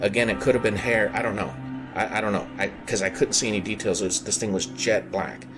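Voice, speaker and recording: A man hosting a podcast, telling a personal paranormal story in an earnest, halting way, often circling back to rephrase himself. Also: lowish voice, steady tone. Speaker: podcast host. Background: background music.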